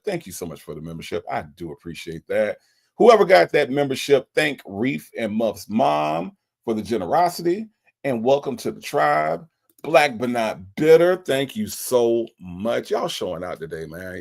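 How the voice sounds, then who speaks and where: A man's voice: mid-range voice, vocal fry. A man hosting a livestream, emotional and repeating his thanks to viewers again and again. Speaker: livestream host. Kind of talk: casual livestream shout-outs.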